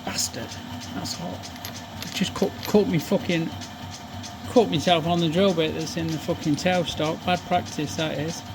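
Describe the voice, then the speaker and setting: A man with a slightly hoarse voice gives chatty, sweary commentary while working at a lathe in his workshop, full of self-mocking asides. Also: on the high side, steady tone, measured pace, music in the background. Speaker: workshop fabricator.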